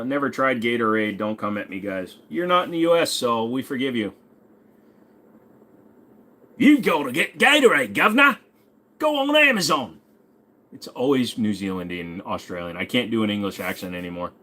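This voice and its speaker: A man's voice: fairly low pitch, moderate pace, a bit bright. A man in his forties hosting a casual livestream, reading out viewer questions and joking back in a laid-back way with some swearing. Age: 40s. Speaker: host.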